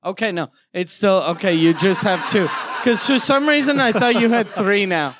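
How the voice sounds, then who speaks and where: A man from Quebec in casual chat, telling stories in an animated way, cursing and acting out the voices of the people in them. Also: sits high, moderate pace, background noise. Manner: animated, swears freely, acts out quoted voices.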